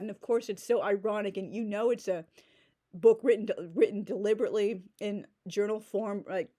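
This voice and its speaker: A woman's voice: medium pitch, warm tone. A woman in her forties giving a sarcastic, exasperated rant as a book reviewer. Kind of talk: ranting book critique.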